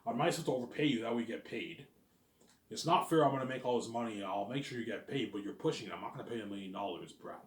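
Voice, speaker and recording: A man's voice: lowish voice, rapid-fire, hardly any pauses. A man vlogging in a casual rambling monologue, full of fillers, restarts and the odd curse word. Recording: roomy echoing room.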